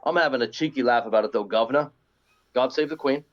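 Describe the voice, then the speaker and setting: A man's voice: mid-range voice, fast, highs cut off, natural voice. A man putting on an exaggerated, mocking British accent as a cheeky jokey bloke. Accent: put-on British.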